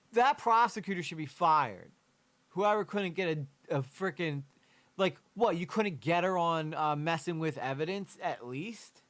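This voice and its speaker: A man's voice: on the high side, animated, a little slow, a bit bright. Emotional man reacting on a livestream. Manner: emotional, candid, swears casually. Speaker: reaction streamer.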